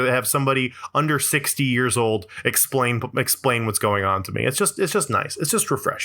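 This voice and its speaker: A man's voice: mid-range voice, animated, a little fast, hardly any pauses, sharp tone. A young man hosting his own podcast, talking through a rambling, sarcastic comedic monologue and laughing between lines. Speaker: podcast host.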